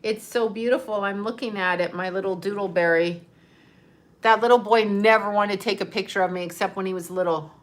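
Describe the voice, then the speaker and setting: A woman's voice: medium pitch, steady tone, a little fast. An older woman, a grandmother, chatting casually and emotionally on a livestream, rambling and swearing now and then. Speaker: livestream host.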